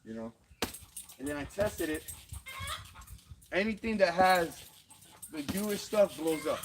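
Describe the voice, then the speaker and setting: Man, rambling and profane, winded from bagwork; very lively delivery; outdoor take with heavy farm-animal noise. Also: a little high, measured pace, pauses often. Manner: loose, rambling, swears freely, laughs often. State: breathing hard from boxing bagwork. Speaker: fitness vlogger. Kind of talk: casual rambling talk during a workout. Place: outdoor home gym under trees on rural land. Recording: loud outdoor background with roosters and dogs.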